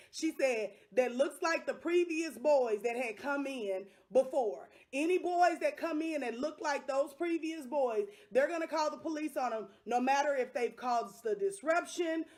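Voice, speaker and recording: A middle-aged woman, vlogging to camera, upset and impassioned, repeating lines for emphasis. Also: high-pitched. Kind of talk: angry direct-to-camera vlog.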